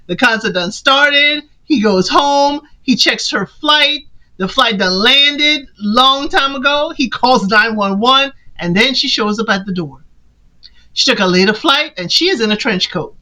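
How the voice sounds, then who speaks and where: A woman recaps a film in a casual, playful way, slipping in and out of the characters' voices as she quotes them. Her voice is bright and sits a little high. She jumps lively from line to line, with lots of colour. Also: a little slow, poor audio. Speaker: podcast host recapping a film.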